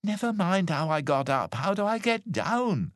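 A man's voice: very animated, normal speed, dry recording, studio quality. A man voicing a playful young male elephant who loves pranks, in a storybook reading. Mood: plaintive. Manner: calls out in a high, teasing voice.

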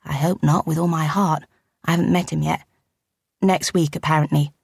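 Storybook heroine: a woman as a wry, low, husky woman cleric. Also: fairly even intonation, a little mellow, no room sound, clean studio sound, exaggerated voice. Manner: wry, quick, understated.

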